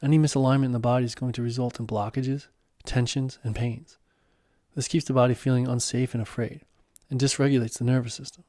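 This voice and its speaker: Serene wise guide, unhurried and gently teasing, read by a man, warm low tone, dry sound. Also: level tone, no room sound, natural voice. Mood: explaining. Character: calm wise male mentor and guide.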